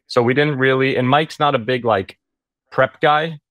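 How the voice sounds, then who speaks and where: A man's voice: mid-range voice, steady tone, normal speed, a bit bright. A man chatting casually as an interview guest. His storytelling rambles and is full of fillers, in a mid-range voice. The sound is dry, with no room echo. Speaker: actor guest.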